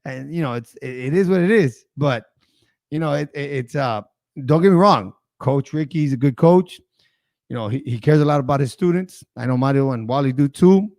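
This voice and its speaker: A man's voice: mid-range voice, moderate pace, a little mellow, no room sound, clean studio sound. A man hosting a casual live show, telling stories in a chatty, rambling way. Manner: chatty storyteller, laughs often; rambling with filler asides. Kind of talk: casual livestream chat.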